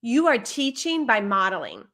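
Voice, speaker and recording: A woman speaking as a parenting educator in conversational advice on a live stream, animated and acting out what a parent or child might say. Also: fairly high pitch, moderate pace.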